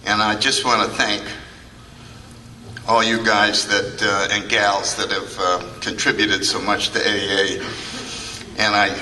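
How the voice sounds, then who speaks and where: An older man's fairly low voice comes across flat and a bit slow, with long pauses and a bright, forceful tone amid slight background noise. As a recovery meeting speaker in a large convention hall, he tells funny anecdotes and acts out the remarks he quotes; the echoey audio is taken from a distance.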